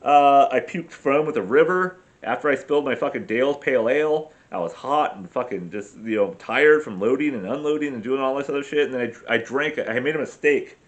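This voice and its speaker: A man's voice: mid-range voice, fairly quick, hardly any pauses, muffled recording. A man rambling through a casual travel vlog, swearing freely and telling self-deprecating stories about his camping trip with his family. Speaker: vlogger.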